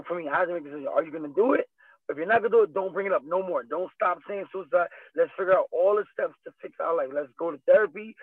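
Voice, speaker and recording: Young male guest, earnest and rambling, pitched slightly high, dry tinny phone line. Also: no echo. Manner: earnest, rambling, repeats himself. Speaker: interview guest, fighter. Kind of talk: candid personal interview.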